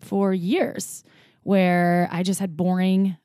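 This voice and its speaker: A young woman from the US Midwest co-hosting a podcast, chatting and telling stories in an animated way. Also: fairly low pitch, takes it slowly, smooth, dry recording, clean studio sound. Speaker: podcast co-host. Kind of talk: casual chat.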